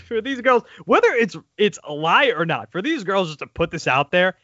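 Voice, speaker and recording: A man hosting a casual sports podcast, talking in an animated, crude way with laughing asides. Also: high voice, moderate pace, dry recording. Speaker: podcast host. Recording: dull lo-fi audio.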